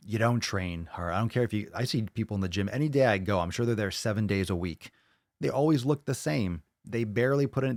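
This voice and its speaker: A man hosting a solo podcast in a fairly low voice, talking bluntly with plenty of profanity. He reads listener messages aloud and reacts to them with open skepticism. The sound is dry and close, with no room echo. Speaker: podcast host. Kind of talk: casual solo podcast monologue.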